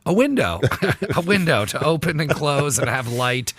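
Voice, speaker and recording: A man's voice: on the high side, a bit bright, no echo. A man hosting a casual podcast from a basement studio, chatting and laughing easily. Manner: laughs easily, quick back-channel yeahs. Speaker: podcast host. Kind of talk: casual chat.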